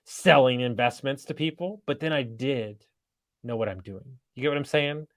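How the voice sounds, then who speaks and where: A man guesting on a podcast, telling stories in a blunt, energetic way and swearing freely, heard over a video call. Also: medium pitch, moderate pace. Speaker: podcast guest, entrepreneur and coach. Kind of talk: casual storytelling.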